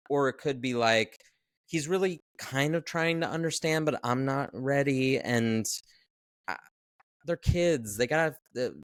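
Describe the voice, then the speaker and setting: Male podcast co-host, mid-pitched, unhurried and hesitant, dry recording. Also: fairly bright tone, dry recording. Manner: thoughtful, hesitant, restarts often. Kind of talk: casual chat recapping a film.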